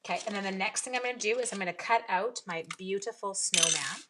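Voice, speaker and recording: A woman's voice: mid-range voice, fast talker, very noisy. Chatty woman demonstrating card crafts. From Canada. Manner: chatty and bubbly, greets viewers. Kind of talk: live-stream crafting demo.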